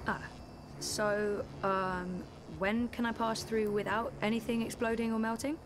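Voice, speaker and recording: A woman's voice: fairly high pitch, little pitch movement, unhurried, background noise, natural voice. A woman voicing a wary young adventurer in a game, polite and hesitant.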